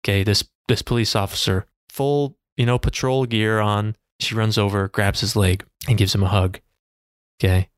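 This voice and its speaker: A man's voice: fairly low pitch, fairly even intonation, moderate pace, clear, resonant tone, no echo, clean studio sound. A man hosting a podcast, telling a personal story in an earnest, conversational way and checking in with the listener. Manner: earnest, conversational, frequent restarts and "okay" check-ins. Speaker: podcast host.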